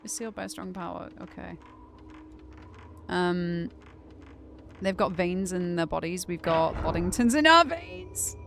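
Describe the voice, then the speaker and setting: A young woman from Northern England, her Northern accent muted, chats casually while streaming a game, thinking aloud and laughing often. Her mid-range voice has vocal fry, and game music plays behind her.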